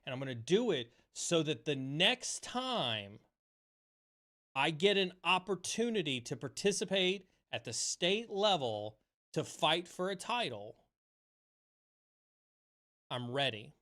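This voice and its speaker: A man speaking to his stream audience with raw, impassioned energy, hammering his points home by repeating them and swearing freely. His voice sits a little higher than most men's. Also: sing-song, takes it slowly, pauses often, pushed and bright. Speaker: streamer host. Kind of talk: motivational livestream talk.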